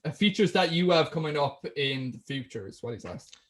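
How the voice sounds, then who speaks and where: A man's voice: fairly high pitch, lively intonation, fairly quick. A man hosting a podcast, talking loosely with lots of ums while reading out questions. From Ireland. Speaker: podcast host. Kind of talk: casual interview chat.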